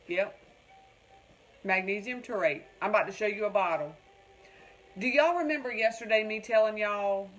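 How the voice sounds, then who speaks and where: A woman's voice: mid-range voice, fairly bright tone, low-quality recording. A woman from North Carolina with a Southern accent, rambling in a casual live stream from home and reading out viewers' comments. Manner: chatty, rambling, keeps calling viewers "y'all" and reading out their comments. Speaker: crafting livestream host.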